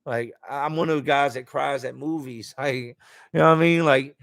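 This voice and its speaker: Gravelly-voiced man talking candidly on a live stream. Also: mid-range voice, fairly even intonation, moderate pace, a bit bright, no echo, clean studio sound. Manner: candid and emotional, repeats words when searching for them; casual and blunt, with swearing. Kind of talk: live stream, reading out viewer comments.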